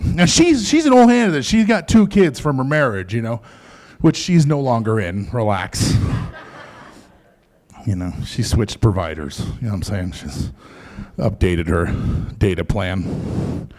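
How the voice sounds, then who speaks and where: A man's voice: medium pitch, a little mellow. A man doing a stand-up comedy set in a comedy club, talking in a loose, profane, conversational way. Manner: profane, conversational, mocking quoted voices.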